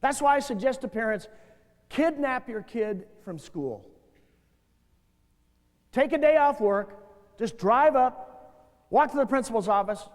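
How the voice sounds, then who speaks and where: A man's voice: extremely high pitch, animated, slow pace, pauses often. A middle-aged man giving a passionate seminar talk to youth workers in a church hall. He tells stories animatedly and acts out the voices he quotes. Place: large church hall with audience. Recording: reverberant hall, glitchy VHS tape transfer.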